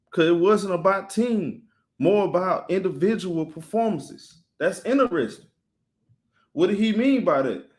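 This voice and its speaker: Animated man hosting a sports live stream. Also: sits high. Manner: animated, talks straight to chat viewers, shouting them out.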